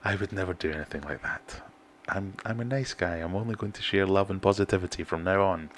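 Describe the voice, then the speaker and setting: A middle-aged British man hosting a relaxed livestream, chatting and reading out viewer comments in a self-deprecating way. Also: sits low, fairly quick, slight background noise. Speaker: fishkeeping livestream host. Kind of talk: casual livestream chat.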